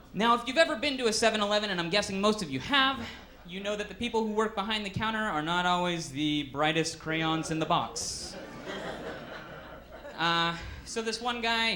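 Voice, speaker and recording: A man's voice: high-pitched, bright, forceful tone. A man doing a stand-up comedy set on stage, telling stories with many fillers. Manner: storytelling with frequent fillers.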